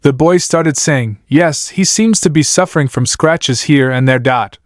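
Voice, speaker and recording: A man's voice: on the high side, unhurried, no room sound. A man narrating a comic story and reading every character's lines himself, sound words included, in a dry close recording with faint music behind.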